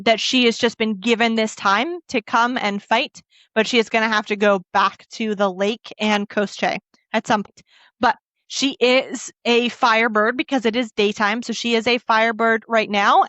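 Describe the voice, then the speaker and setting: A woman with a slightly high voice recaps a fantasy novel for a book podcast, quoting the characters' dialogue as she goes. She talks casually and gets emotional over the story. The recording is dull and lo-fi, with a dry, close sound. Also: sharp tone, no echo. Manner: emotional, laughs and chokes up while recounting.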